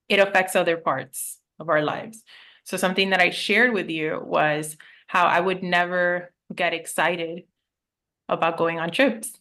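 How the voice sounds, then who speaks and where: A woman's voice: fairly low pitch, a bit bright. A woman life coach in a casual podcast chat, telling personal stories candidly and with animation, swearing now and then.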